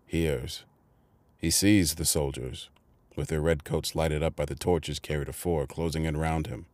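A man doing a gruff, hunted convict. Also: very deep voice, fairly even intonation, normal speed, a little mellow, no room sound. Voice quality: gruff, rough country speech. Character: gruff hunted male convict, suspicious and ravenous.

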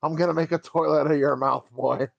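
A man voicing a loud, grouchy man who yells with a high New York accent. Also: fairly even intonation, fast, creaky, dry recording, highs cut off. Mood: threatening. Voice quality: high and shouty.

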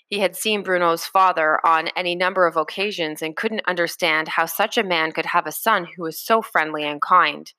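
A woman narrating a chapter of a novel in a steady storytelling manner. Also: fairly low pitch, moderate pace, hardly any pauses, no echo. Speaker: audiobook narrator. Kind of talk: scripted narration.

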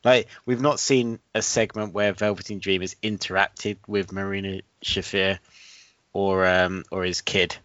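Low-voiced man, dry podcast sound. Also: level tone, unhurried, fairly bright tone, dry recording. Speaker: podcast co-host. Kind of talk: casual podcast chat. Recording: dry, slightly dull lo-fi sound.

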